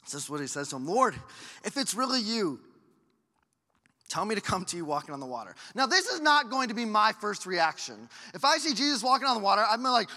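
Animated high-voiced man preaching in a hall. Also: fast, hardly any pauses. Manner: animated, acts out quoted voices with big swings in loudness. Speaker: pastor. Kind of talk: sermon. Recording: long hall reverb.

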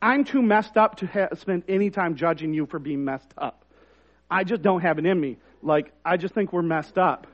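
A man's voice: sits high, normal speed. Guy preaching a sermon, casual and joking then punchy, kinda muffled lo-fi sound. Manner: conversational, self-deprecating, rising to emphatic. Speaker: pastor.

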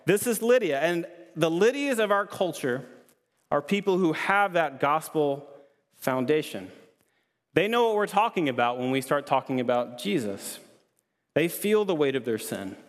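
A man's voice: on the high side, expressive, normal speed. A man pastor preaching a sermon in an earnest, conversational way, repeating key lines for emphasis. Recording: long hall reverb.

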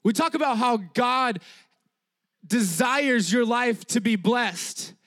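High-voiced animated male preacher. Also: slow. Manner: animated, tags sentences with "all right?"; emphatic, repeats key phrases. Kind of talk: sermon.

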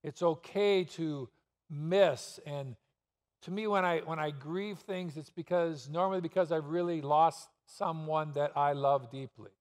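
A pastor with a somewhat high voice preaches at a measured pace, posing rhetorical questions and hitting his points with abrupt emphasis. He's speaking in a church sanctuary, and the hall's long reverb lingers on every word.

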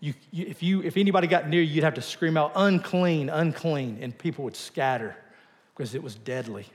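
A male pastor giving a conversational sermon in a church, asking the congregation questions and dropping to a quiet voice for emphasis. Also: a little high, fast talker, big-room sound.

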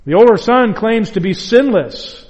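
High-voiced pastor in an echoing hall. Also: male voice, animated, darkish tone, dull audio. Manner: earnest, deliberate, emphatic repetition. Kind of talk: sermon. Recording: long hall reverb.

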